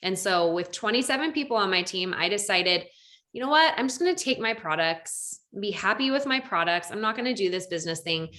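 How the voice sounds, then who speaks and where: A woman's voice: mid-range voice, lively intonation, a little fast, pushed and bright. A woman coach telling a personal story to a group over a video call, acting out quoted lines with lots of animation. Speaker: network marketing coach.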